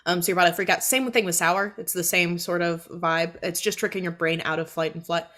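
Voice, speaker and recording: A woman's voice: fairly low pitch, steady tone, fairly quick, fairly bright tone. Chatty young woman, rambling and laughing. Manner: rambling, self-interrupting, laughs often. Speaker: voice actor guest. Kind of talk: casual chat on a stream.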